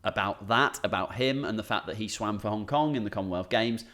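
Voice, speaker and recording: An English comedian and podcast co-host, a man with a fairly low, brisk, fairly bright voice, chats casually. He rambles through a story, interrupting himself and starting over.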